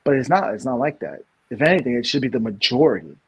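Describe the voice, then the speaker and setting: A man's voice: medium pitch, animated, quick pace, slightly rough. A man in his thirties from New York, co-hosting a casual podcast and rambling through opinions with many restarts and emphatic bursts. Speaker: podcast co-host.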